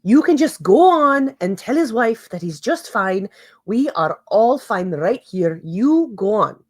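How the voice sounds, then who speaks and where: A prickly, defensive dwarf woman, put on by a woman game master, snapping curt dismissals in a raised, sharp voice. She speaks loudly and brushes everyone off. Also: huge pitch swings, measured pace, no room sound, clean studio sound, heavily acted. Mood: dismissive. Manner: curt, dismissive, shrill when flustered. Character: brusque defensive female dwarf.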